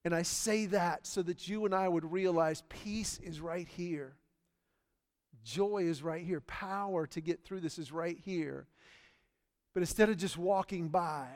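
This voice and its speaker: A man's voice: high-pitched, a little slow, in a large hall. A middle-aged man preaching a sermon, telling stories in an emphatic, conversational way. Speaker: pastor. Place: church sanctuary.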